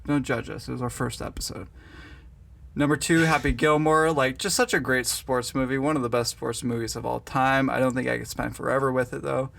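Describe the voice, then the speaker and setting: A man's voice: mid-range voice, fairly even intonation, brisk, creaky, fairly bright tone. A man co-hosting a podcast, chatting casually and giving blunt opinions about movies. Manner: laid-back, opinionated, quotes movie lines. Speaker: podcast co-host. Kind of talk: casual chat.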